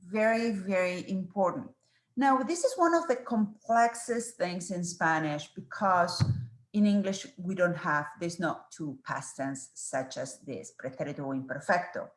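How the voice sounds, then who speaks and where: A woman's voice: on the low side, a little slow, echoey room. A woman teaching a Spanish exam review, patiently spelling out verb forms one at a time and checking in with students.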